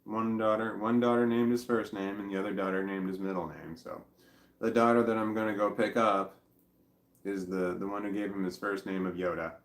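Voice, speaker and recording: A middle-aged man vlogging in casual chat, rambling and halting, with blunt swearing. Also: lowish voice, steady tone, roomy sound.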